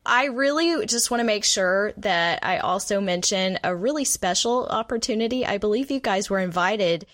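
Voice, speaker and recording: A woman's voice: medium pitch, expressive, normal speed, hardly any pauses, fairly bright tone, no echo, studio quality. Gushing woman podcast co-host. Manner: effusive and gushing. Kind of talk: enthusiastic podcast hosting.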